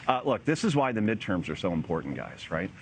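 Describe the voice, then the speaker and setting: A man's voice: lowish voice, sing-song, brisk. Guy pundit ranting on a news panel, voice all over the place, bit of noise under it. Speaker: political commentator.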